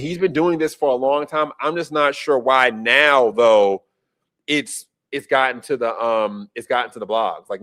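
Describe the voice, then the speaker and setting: A man's voice: medium pitch, fairly bright tone. A man hosting a casual political commentary podcast, ranting with profanity and incredulity and laughing as he goes. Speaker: podcast host.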